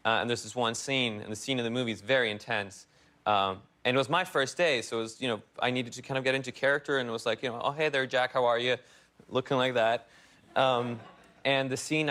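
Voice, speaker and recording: A young man, an actor guest, rambling through animated stories with laughter in a casual interview. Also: mid-range voice.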